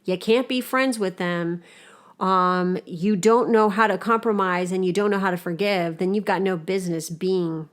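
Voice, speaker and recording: A woman's voice: lowish voice, steady tone, moderate pace. A young adult woman co-hosting a casual podcast, blunt and emphatic, swearing freely as she gives advice. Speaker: podcast co-host.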